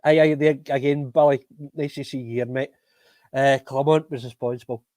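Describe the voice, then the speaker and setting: A man's voice: medium pitch, steady tone, normal speed, a little mellow, dry recording. A Scottish man hosting a football fan podcast live stream, ranting angrily with lots of swearing and bitter laughs.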